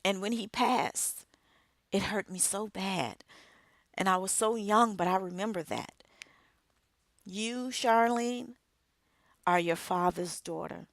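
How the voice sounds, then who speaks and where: A middle-aged woman, an author and radio co-host, giving an inspirational speech with emphatic, measured phrasing and dramatic pauses. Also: medium pitch, no echo.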